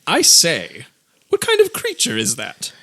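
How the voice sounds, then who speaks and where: A man's voice: a little high, huge pitch swings, a little slow, sharp tone, voice pushed up, full character voice. A man doing a snooty posh animal expert. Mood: haughty. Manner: plummy exaggerated upper-class accent.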